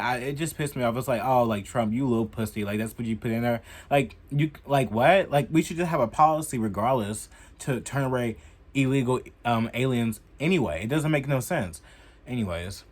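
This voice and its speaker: A young man giving heated, profane political commentary in a casual vlog, filling his talk with "like" and getting loud as he goes. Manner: heated and profane, heavy use of "like"; animated, jumping in pitch and loudness.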